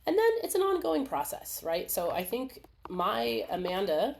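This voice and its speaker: A woman hosting a live video webinar in a casual, animated way, laughing often and acting out small voices. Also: mid-range voice, a little slow, vocal fry, slight background noise. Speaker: webinar host. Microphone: video call.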